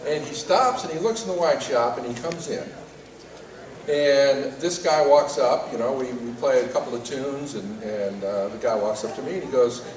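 A man, a saxophone player, telling an animated tribute story at a live awards event with many fillers. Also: mid-range voice, normal speed. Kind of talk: storytelling speech. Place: live music event stage. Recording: roomy hall from far off.

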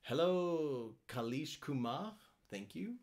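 A man's voice: a little high, lively intonation, takes it slowly, a little mellow. A man hosting a cello live stream, chatting casually, reading out viewer comments and answering them, often repeating his words as he thinks aloud. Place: home in France.

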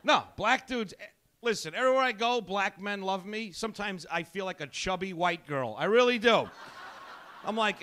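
A male comedian works a comedy club crowd with an abrasive, profane, needling delivery. His voice sits high and comes across bright and forceful. He picks fights with the audience as he goes. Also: lively intonation, moderate pace. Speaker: stand-up comedian. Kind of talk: stand-up set.

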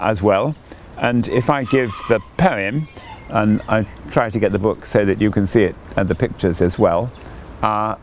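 An older man, a priest leading morning prayer outdoors in a garden, talking gently and chattily with a few fillers. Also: on the low side, a little hiss or hum. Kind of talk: gentle devotional talk. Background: faint birdsong.

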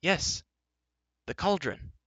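A man's voice: medium pitch, big pitch swings, a little fast, creaky, fairly bright tone, no room sound, dull audio, pitched above the performer's own voice. A man voicing an earnest young male hero in a slightly raised voice. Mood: urgent.

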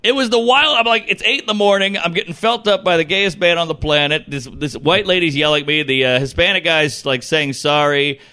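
A man's voice: on the high side, fairly quick, hardly any pauses, bright, forceful tone. A man in casual podcast chat, telling a comic story and acting out the people in it.

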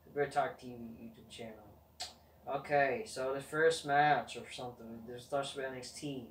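A man's voice: medium pitch, fairly even intonation, moderate pace. A man hosting a wrestling review, rambling and dismissive and swearing constantly, recorded on a camera mic. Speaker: wrestling show reviewer, channel host. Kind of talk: profane rambling review rant. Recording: roomy, distant mic, faint noise.

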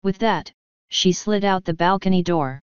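A woman's voice: lowish voice, normal speed, clean tone, dry recording, highs cut off. A woman reading first-person fan fiction aloud in a casual, offhand way, swearing freely. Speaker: audiobook reader.

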